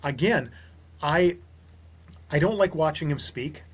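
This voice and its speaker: A man, a small business owner from Minnesota, talking as a podcast guest and telling lively stories with quoted dialogue. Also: on the high side, takes it slowly, husky. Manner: animated storyteller, quotes others in dialogue. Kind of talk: casual podcast conversation.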